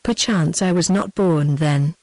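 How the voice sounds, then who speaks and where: A woman's voice: fairly low pitch, a little slow, a little mellow, no room sound. A synthetic woman's voice as a meek young gypsy girl. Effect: synthetic text-to-speech voice.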